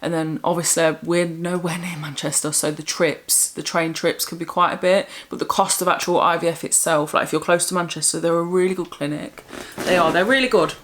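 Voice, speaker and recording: A woman's voice: on the low side, fairly even intonation, a little fast. A young adult woman from England chatting candidly and in a rambling way as a vlogger. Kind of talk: casual chat.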